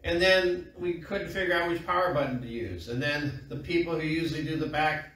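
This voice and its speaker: In a small church room, a middle-aged pastor preaches a folksy, storytelling sermon, trading call-and-response with his congregation. His voice is a little high, a little fast, and fairly bright. The recording is echoey and distant, with a little hiss or hum.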